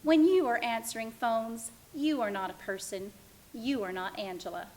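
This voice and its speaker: A woman acting out a rude, patronizing male caller who lectures her in a lower voice. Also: normal speed, darkish tone, low-quality recording. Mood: condescending.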